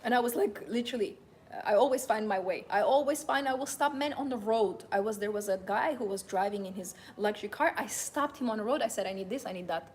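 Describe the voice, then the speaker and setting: A woman's voice: mid-range voice, fast talker, a little hiss or hum. A young adult woman hosting a live motivational talk, speaking in a passionate, emphatic, self-assured way. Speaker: host and femininity coach.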